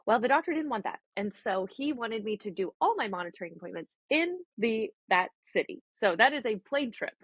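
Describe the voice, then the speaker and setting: A woman in her thirties, a guest on a podcast, telling her story in an animated, chatty way with frequent laughs and quoted dialogue. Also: on the high side, a little fast, few pauses, husky, no room sound, lo-fi sound. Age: 30s. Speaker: guest, egg donor. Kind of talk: casual storytelling in a podcast interview.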